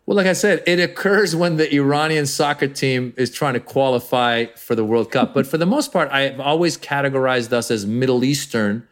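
A man's voice: mid-range voice, moderate pace, few pauses. An American male comedian being interviewed, telling stories animatedly and acting out voices. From United States. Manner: animated storyteller, acts out voices. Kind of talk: interview conversation.

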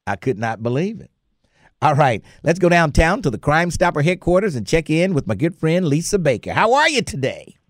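A man hosting a talk radio show, telling stories in a lively, chatty way and laughing often. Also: on the high side, a little fast, dry recording, clean studio sound. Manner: animated storyteller, laughs often. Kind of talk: casual talk radio chat.

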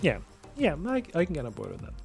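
A man co-hosting a podcast, relaxed and steering the chat with questions. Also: a little high, quick pace, creaky, slightly rough, soft background music. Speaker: podcast co-host.

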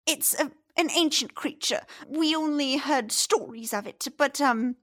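A woman's voice: sits high, measured pace, voice pushed up. A woman voicing a chatty, motherly old woman, a fisherman's wife who fusses over a guest. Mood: fussing.

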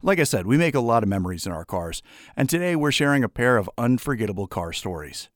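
A man hosting a podcast, reading a measured, conversational introduction. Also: mid-range voice, very animated, dry recording, studio quality. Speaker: podcast host. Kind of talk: scripted show introduction.

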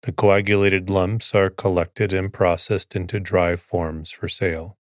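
A man hosting a sleep podcast, reading an article aloud in a soothing, even way to bore listeners to sleep. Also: sits low, dry recording, clean studio sound. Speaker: podcast host.

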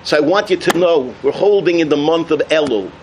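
A man giving a sermon full of jokes and parables, telling them with energy and shouting out the punchlines. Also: fairly high pitch, fairly quick, slight background noise. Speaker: rabbi giving a talk.

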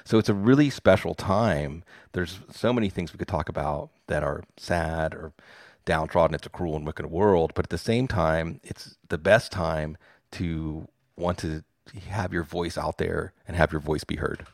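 Telling stories in a relaxed interview, this forties-aged fantasy football podcaster from Pittsburgh comes across as eager and self-mocking. He speaks unhurriedly in a low, creaky voice, recorded cleanly in a studio without room sound.

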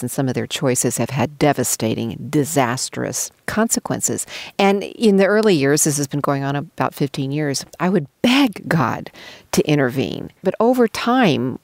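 A middle-aged woman speaks with a low, gravelly texture, earnest and personal as she reflects aloud. Her podcast talk is thoughtful, with small restarts. The sound is dry and close, with no room around it. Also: a little mellow, no room sound. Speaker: co-host. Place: quiet studio around a table.

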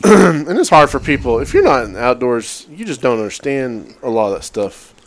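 Relaxed man rambling through a story. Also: medium pitch, moderate pace. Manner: relaxed, rambling, many fillers. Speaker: youth outdoors program leader. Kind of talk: casual storytelling chat.

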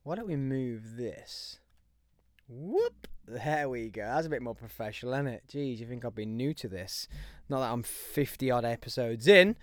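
A man's voice: mid-range voice, lively intonation, moderate pace, no room sound, clean studio sound. A young man with a Birmingham accent hosting a podcast, talking in an upbeat, rambling way. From West Midlands, England. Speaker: podcast host. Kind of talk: casual podcast monologue.

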